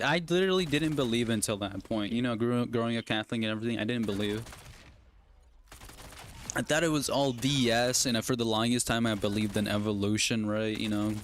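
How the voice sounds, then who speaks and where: A man's voice: mid-range voice, a bit bright, a little hiss or hum. Rambling young man telling a story. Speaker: streamer. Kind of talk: casual chat while gaming on a stream.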